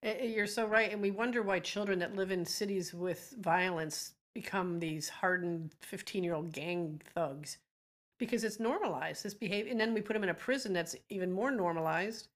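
A middle-aged woman speaks as an interview guest. Her voice sits on the low side and she talks with earnest passion. She tells heavy personal stories, and her feeling comes through in the telling. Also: normal speed. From Georgia, US. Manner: earnest, impassioned storytelling. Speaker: advocacy group founder, guest. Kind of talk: emotional interview talk.

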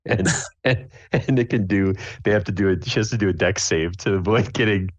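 A man's voice: on the low side, fairly quick, no echo. A man playing a tabletop game, stammering and repeating himself as he explains his moves. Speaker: player. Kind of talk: casual tabletop game chat. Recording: dull, dry lo-fi mic.

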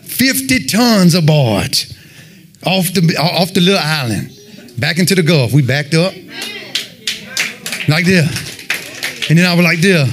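A man giving a fervent sermon and personal testimony, telling his story in an animated way and peppering it with "man.". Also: on the high side, a little slow, long pauses, a little hiss or hum. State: sweating, winded after worship. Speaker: lay preacher giving testimony.

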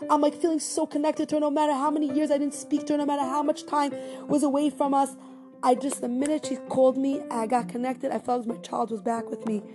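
Excitable high-voiced woman storyteller. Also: fast talker, over music. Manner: animated, excitable, says "like" often. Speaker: teacher. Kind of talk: storytelling monologue.

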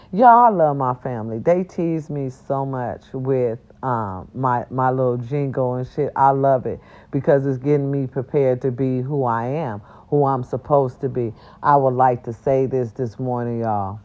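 A woman's voice: very deep voice, a little slow. An older woman from the South, ranting brashly to her vlog viewers and growling now and then. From American South. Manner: animated and brash, growls and breaks into song. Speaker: vlog host. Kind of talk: casual rant to viewers. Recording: dull lo-fi audio.

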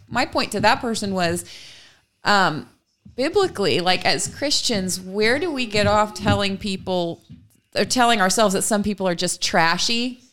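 A woman hosting a faith podcast in casual chat, animated and quick to laugh. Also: mid-range voice. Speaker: podcast host.

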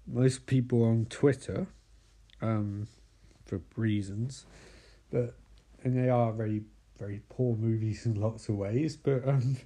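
A man's voice: medium pitch, mellow. A man giving a sarcastic, rambling comic recap of a horror movie, swearing freely. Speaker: comedic film reviewer.

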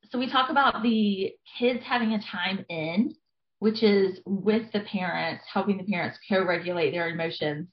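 Earnest woman therapist in echoey room. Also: lowish voice. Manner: earnest, explanatory, lots of fillers. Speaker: family therapist guest. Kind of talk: conversational interview. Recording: echoey, dull lo-fi sound.

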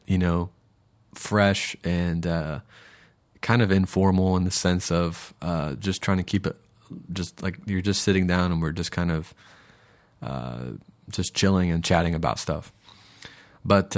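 A man in his thirties hosting a casual podcast monologue, rambling and digressing with lots of fillers. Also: low voice. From Florida, USA. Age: 30s. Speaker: podcast host.

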